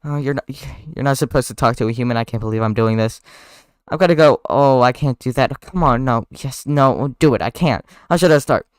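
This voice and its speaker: A man's voice: medium pitch, a little fast, smooth, no echo, clean studio sound, lightly acted. A man voicing a nervous, polite young male bee in a live script reading, stammering and flustered.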